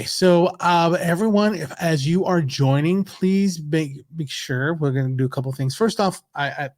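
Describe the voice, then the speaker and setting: A man's voice: mid-range voice, no echo, studio quality. Upbeat man hosting a livestream. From California. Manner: chatty and upbeat, greets viewers by name. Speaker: livestream host, education evangelist. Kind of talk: casual livestream teaching. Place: home office in Texas.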